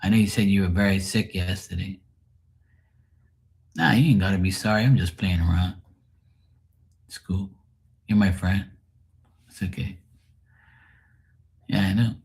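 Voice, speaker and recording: A deep, husky man talks loosely to his livestream viewers. He rambles, answers comments as they come in and keeps clearing his throat. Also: steady tone, measured pace, long pauses, a little mellow. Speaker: livestream host. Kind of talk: casual livestream chat reading comments.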